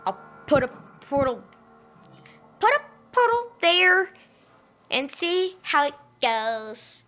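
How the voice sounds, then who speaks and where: Excitable woman gamer with a bright, lively voice. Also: sits high, takes it slowly, soft background music. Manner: excitable, talks to herself, loud outbursts. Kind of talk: let's play commentary. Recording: dull lo-fi audio.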